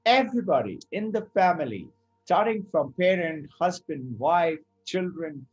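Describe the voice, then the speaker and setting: A middle-aged man teaching Vedanta, telling a story in an animated way and acting out the characters' lines. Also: on the high side, measured pace, breathy edge, muffled recording, faint music behind. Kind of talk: spiritual talk with storytelling.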